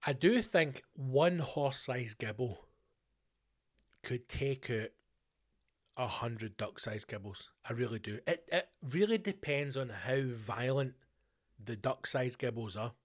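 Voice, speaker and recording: A Scottish man talks alone into his podcast mic, answering listener questions in a loose, rambling way. He gets animated when he spins out a scenario, and he swears freely. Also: mid-range voice, slow. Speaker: podcast host.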